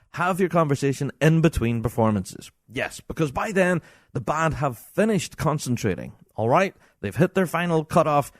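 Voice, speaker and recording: A man with a Scottish accent hosting a podcast, telling an exasperated, animated anecdote in casual talk. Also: mid-range voice, dry recording, clean studio sound. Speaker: podcast host.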